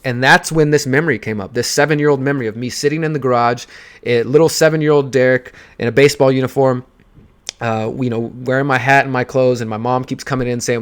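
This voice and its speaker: A man's voice: mid-range voice, brisk. A man in his thirties, a podcast host, candidly telling a personal story in an emotional, profane monologue.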